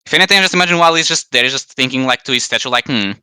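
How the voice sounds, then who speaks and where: A man playing in a tabletop game, talking quickly and casually with some hesitation. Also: medium pitch, pushed and bright, clean tone, no echo. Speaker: player. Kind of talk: casual tabletop role-play.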